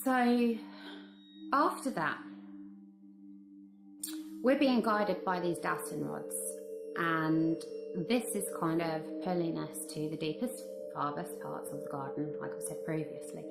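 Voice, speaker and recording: A woman's voice: sits low, slow pace, vocal fry, pauses often. A woman narrating a recap of a paranormal investigation in an earnest, suspense-building manner. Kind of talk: vlog voice-over recap. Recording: echoey room with music behind.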